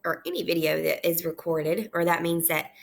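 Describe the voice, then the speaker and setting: A woman teaching kindergarten, reading aloud slowly and clearly in a repeat-after-me lesson from her kitchen at home. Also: deep voice, steady tone, a little hiss or hum. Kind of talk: slow read-aloud lesson for young children.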